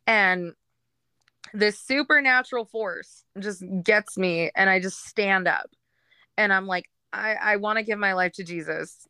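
A woman with a bright, clear voice tells her own story frankly, her talk loose and full of fillers. The sound is dry and close, with no room around it. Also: fairly low pitch, unhurried, no echo. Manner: frank, rambling, with frequent fillers and laughs. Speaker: guest telling her recovery story. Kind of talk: candid personal storytelling.

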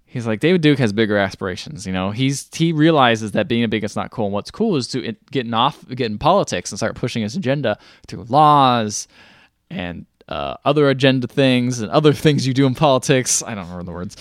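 A man co-hosting a podcast, casually retelling movie scenes and quoting the characters in quick offhand voices. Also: mid-range voice, lively intonation, dry recording, studio quality. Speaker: podcast co-host. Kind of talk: casual movie recap chat.

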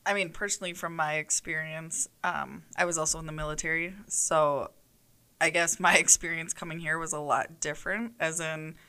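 A woman's voice: low-pitched, steady tone, moderate pace, sharp tone, clean tone. A woman police officer hosting an interview, asking questions hesitantly with many fillers. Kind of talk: conversational interview.

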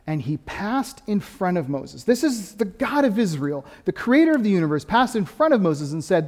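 A pastor preaching a sermon, lively and conversational, swinging between quick, louder stretches and soft, dropped emphasis. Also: male voice, high voice, in a large hall. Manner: animated preaching, rising and dropping to quiet emphasis.

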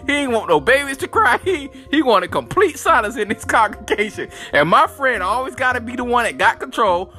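A podcast host man with a bright, tense edge to his voice and pitch that jumps all over. He talks loose and profane, straight to his listeners, with faint music sitting underneath. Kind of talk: casual comic storytelling.

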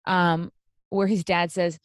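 A woman's voice: fairly low pitch, slow, clear, resonant tone, no echo. A woman co-hosting a casual chat show, recapping a story and acting out its quotes. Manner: animated, acts out quotes. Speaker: podcast co-host.

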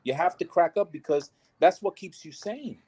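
A man's voice: high voice, animated, moderate pace, crowd noise. A man chatting casually, laid-back and laughing often, using street slang. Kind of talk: casual banter.

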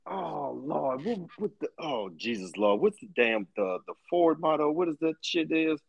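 A man co-hosting a podcast, talking in an animated, profane, exclaiming way. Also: a little high, normal speed, creaky, husky, no echo, muffled recording. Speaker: podcast co-host. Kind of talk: casual podcast chat.

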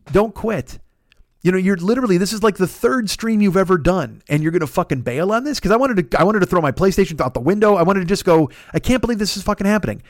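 A man telling a story at a quick clip, swearing often and tumbling from one aside to the next. His voice sits slightly high, and the recording is dry and close with no room sound. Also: dry recording. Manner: profane, rambling, animated storytelling. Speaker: podcast host. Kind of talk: casual storytelling monologue.

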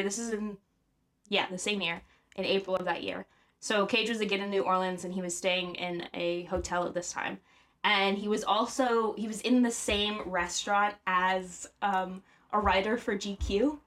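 A young woman recounts a story on a casual podcast, chatty and loose. Her talk is full of "like" and "um", and she laughs easily. Her pitch sits in a middle range. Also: fairly bright tone. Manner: chatty, lots of "like" and "um", laughs often. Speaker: podcast host.

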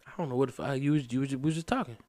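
A man's voice: medium pitch, racing, darkish tone, no room sound, studio quality. Laid-back man hosting a podcast. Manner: loose, joking, teasing. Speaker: podcast host. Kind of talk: casual podcast banter.

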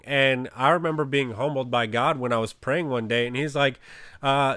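Smooth-voiced man giving a rambling testimony. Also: medium pitch, normal speed, fairly bright tone, dry recording, studio quality. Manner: rambling, heavy on "you know, like" fillers. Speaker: Christian speaker. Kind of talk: casual faith testimony.

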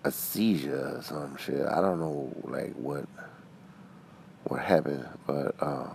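A man calling in to a casual show, rambling and halting, cursing offhandedly. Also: extremely low pitch, creaky, a little mellow, a little hiss or hum. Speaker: caller. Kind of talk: casual chat.

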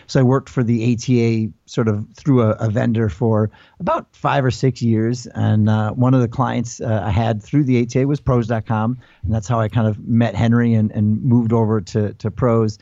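American man with a dark, muffled voice. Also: lowish voice, dry recording. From United States. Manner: rambling, full of restarts and fillers. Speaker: guest. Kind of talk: casual interview talk.

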